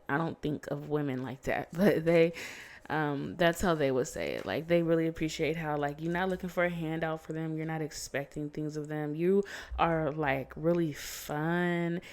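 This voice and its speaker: A woman giving a casual tarot reading, chatty and blunt, swearing freely and laughing often. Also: low voice. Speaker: tarot reader. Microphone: phone.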